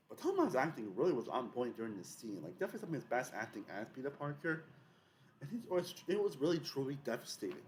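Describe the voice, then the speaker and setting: A man's voice: medium pitch, a little hiss or hum. A young man hosting a casual video essay, rambling with many fillers and restarts.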